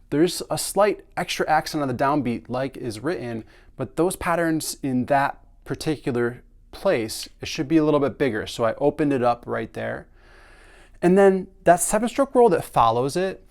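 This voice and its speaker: Male snare drum teacher, casual instructional delivery, average pitch. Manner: relaxed, conversational, sings drum patterns aloud.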